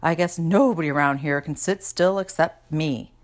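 A woman reading a storybook aloud, voicing a stern older grandmother who speaks slowly and dramatically. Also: low-pitched, close to an everyday voice. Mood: disapproving. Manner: slow, dramatic, disapproving. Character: stern, stiff old grandmother, slow and dramatic.

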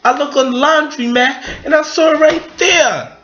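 A man voicing a jittery patient who says snack chips talk to him, rambling excitably in a comedy sketch. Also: normal speed. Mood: spooked. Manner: high-pitched, excitable, rambling. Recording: lo-fi home video.

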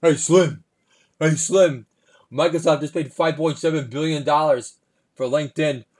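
A man's voice: on the high side, fairly even intonation, unhurried, darkish tone, pitched above the performer's own voice. A man putting on the voice of a laid-back male hip-hop producer, talking in slang. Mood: smooth.

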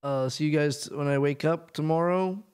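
A man's voice: a little high, normal speed, darkish tone, clear, resonant tone. A man streaming a game, chatting casually with a friend and his viewers in a laid-back way. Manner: laid-back, talking to chat. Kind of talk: casual gaming stream chat.

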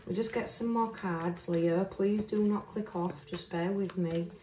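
In a casual tarot reading, a woman speaks chattily and earnestly, thinking aloud and restarting, as she stands indoors at a table of cards. Her medium-pitched voice is steady, mellow, and unhurried. She sounds distant in a roomy echo, with slight background noise.

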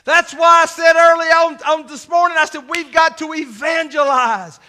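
Male pastor, very high bright voice, sermon, shouts then drops to near-whispers. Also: steady tone, moderate pace. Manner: swings from shouting to hushed asides.

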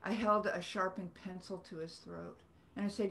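A woman's voice: medium pitch, fairly even intonation, moderate pace, gravelly, fairly bright tone, slight background noise. A woman, an author telling rambling, earnest stories with self-deprecating humor on a video call. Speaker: author guest. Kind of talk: storytelling in a video-call book club.

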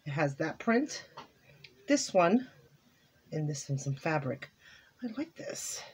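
This woman has a low voice with big pitch swings and talks at a slow pace, with slight background noise. She's vlogging casually at home, opening holiday cards and crafting mail and chattily exclaiming over each one.

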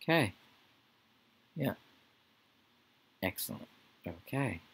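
A man's voice: medium pitch, sing-song, slow pace, fairly bright tone, slightly rough. A man giving casual gameplay commentary, mumbling to himself and talking to the characters on screen. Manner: mumbling, talks to the game characters. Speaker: Let's Play gamer.

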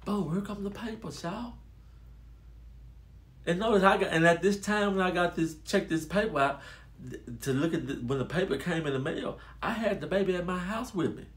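A man casually telling a personal story to his viewers, animated and addressing them as y'all. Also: sits high, normal speed. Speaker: storytelling vlogger.

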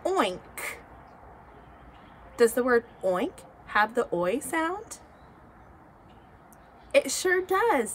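A woman teacher giving a slow, encouraging phonics lesson to young children. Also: a little high, slight background noise. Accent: American. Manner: slow, encouraging, sing-song teacher talk.

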